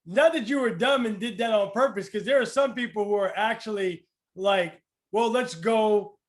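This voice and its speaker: High-voiced male interview host. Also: normal speed. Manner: stammering, repeating words when surprised. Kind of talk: casual interview.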